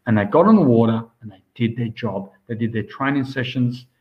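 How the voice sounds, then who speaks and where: In a lo-fi recording, an Australian swimmer talks briskly in a mid-range voice during an interview. He chats casually and enthusiastically, going on in long rambling stretches and constantly saying "mate."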